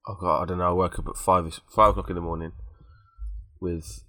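A man's voice: low voice, flat delivery, a little fast, a bit bright, no echo, studio quality. A man with a cold, hosting a podcast in rambling, jokey casual chat. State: has a cold. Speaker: podcast host.

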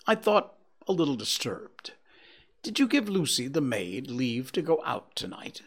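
A man voicing an anxious, gentle young woman in an audiobook story. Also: mid-range voice, sing-song, a little slow, slightly rough, exaggerated voice. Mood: worried.

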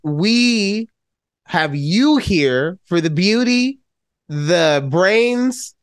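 A middle-aged man co-hosts a casual podcast over a video call. He is loud and ribbing, and his voice swings widely in pitch. The sound is dry and close. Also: lively intonation, extremely slow, smooth, no echo. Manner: loud, teasing, jumps to high-pitched outbursts. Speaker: podcast co-host. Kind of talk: casual chat.

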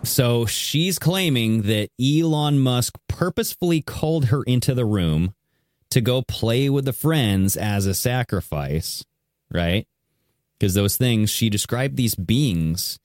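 A man's voice: medium pitch, no room sound, studio quality. Man explaining a clip to listeners. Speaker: podcast host. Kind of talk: commentary on a played clip.

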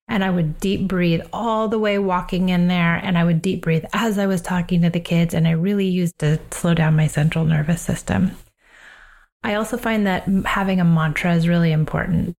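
A woman who is a parenting coach and host, talking through personal advice in a calm, unhurried, reflective way. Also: fairly low pitch, creaky.

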